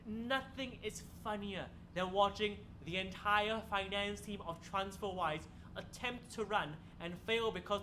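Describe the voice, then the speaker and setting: A young man doing a solo stand-up livestream, with a high, bright voice over a faint hum of room sound. He tells stories in a jokey way, laughs at his own punchlines, and talks straight to his online viewers from a comedy club. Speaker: stand-up comedian and show host. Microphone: streaming camera mic.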